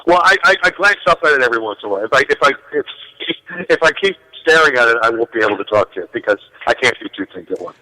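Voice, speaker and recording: Musician guest, male, bright tone, chatty and laughing, stumbles over words. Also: medium pitch, animated, rapid-fire, long reverb tail, rough recording. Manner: jokey, laughing, restarts a lot. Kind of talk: casual radio chat.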